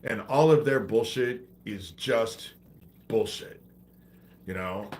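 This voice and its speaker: A livestream host with a head cold rants in a profane, exasperated, preachy way. His voice is lowish, slow, and darkish in tone, with slight background noise.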